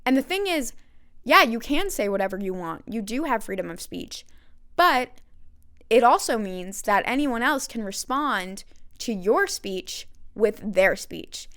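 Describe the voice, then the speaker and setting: Young American woman, solo podcaster, candid and musing, clear smooth tone, a touch high. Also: expressive, unhurried, fairly bright tone. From United States. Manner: candid, thinking aloud with many ums and likes. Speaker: podcast host.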